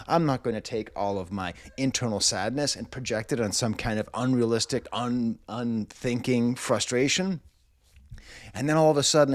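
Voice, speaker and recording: A middle-aged man with a mid-range voice reviews music, telling a long, rambling story with wry humor and plenty of comic asides. He's indoors in a rental house, and the recording is dry.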